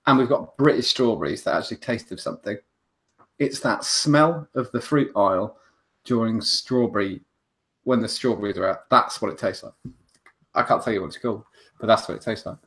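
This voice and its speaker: A man's voice: lowish voice, brisk, fairly bright tone. A man hosting a casual livestream chat, rambling and self-mocking, with lots of restarts. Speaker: host.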